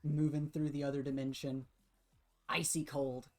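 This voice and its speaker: A man's voice: fairly high pitch, little pitch movement, moderate pace, faint music behind. A man running a tabletop role-playing game as game master, narrating action loosely with many fillers and restarts.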